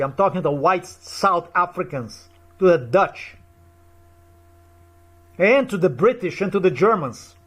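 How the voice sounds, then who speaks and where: A man's voice: sits high, animated, unhurried, long pauses, fairly bright tone. A man ranting profanely and accusingly in a monologue to camera. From Eastern Europe. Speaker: video commentator.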